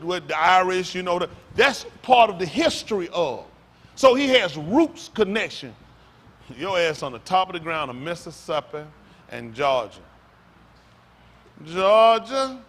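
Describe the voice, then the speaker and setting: A male pastor preaching loudly and quizzing his congregation, asking questions and calling on listeners. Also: high-pitched, very animated, unhurried. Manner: loud, rhetorical, questions the congregation. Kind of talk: sermon with audience back-and-forth. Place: congregation hall.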